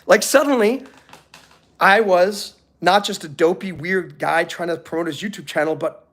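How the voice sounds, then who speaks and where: High-voiced man telling stories on a live stream. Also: moderate pace. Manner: animated storytelling, acts out quoted people. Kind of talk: motivational live stream talk.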